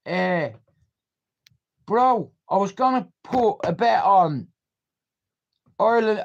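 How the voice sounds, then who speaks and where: A man, chatting casually to his viewers, swearing freely and often asking if they understand. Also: high-pitched. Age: 50s. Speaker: livestreamer. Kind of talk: casual rambling chat to viewers.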